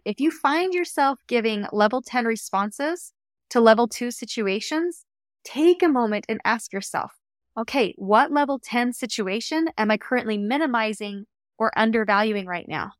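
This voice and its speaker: A young adult woman, a coach hosting a solo podcast, talking in an earnest, reflective and gently encouraging way. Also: a little high, no echo, clean studio sound.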